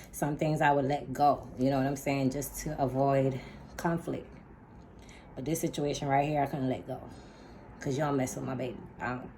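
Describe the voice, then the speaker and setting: A woman telling a story casually, emphatic and animated, with laughs and slang asides. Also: very deep voice, a little hiss or hum. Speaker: storyteller vlogger.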